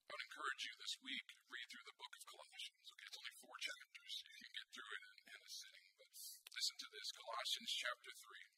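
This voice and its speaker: High, lively, husky-voiced man preaching. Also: fast talker, a little hiss or hum, poor audio. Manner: animated preaching, repeats words, asks the congregation "right?". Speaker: pastor. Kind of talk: sermon.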